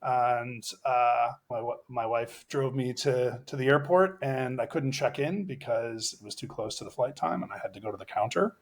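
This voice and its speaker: A man's voice: mid-range voice, normal speed, hardly any pauses. Middle-aged male coach as podcast guest; earnest, reflective storyteller with a medium voice and restarts. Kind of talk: personal storytelling in a podcast interview.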